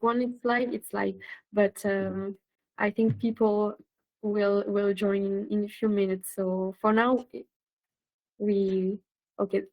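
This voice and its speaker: A woman's voice: mid-range voice, a little mellow, low-quality recording. A woman hosting a live online session, chatting casually and helpfully guiding her guest, using fillers like "um" and "like", over a video call. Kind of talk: casual pre-show chat.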